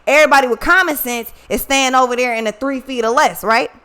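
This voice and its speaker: This tarot reader's voice sits high, moves quickly, and sounds pushed, bright, clear, and resonant. She addresses viewers head-on in a blunt, profane, scolding way, mixing a personal anecdote into her casual monologue.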